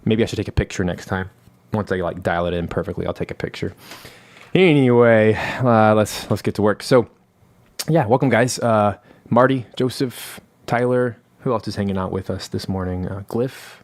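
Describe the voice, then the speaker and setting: A man's voice: on the low side, steady tone, normal speed, no echo. A man with a cold hosting a casual live stream from his home studio, talking in a chatty, rambling, self-deprecating way into a vocal mic. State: has a cold. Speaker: live stream host and composer. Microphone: studio vocal mic through a manual analog mixer.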